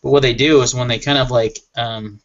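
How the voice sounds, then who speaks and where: A man of middle pitch chats loosely as a panel member, piling up thoughts with eager enthusiasm and frequent laughs. His voice comes through slightly muffled, lo-fi audio. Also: steady tone, a little fast. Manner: rambling, enthusiastic, laughs often. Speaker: panel member on a gear chat show. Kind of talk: casual chat.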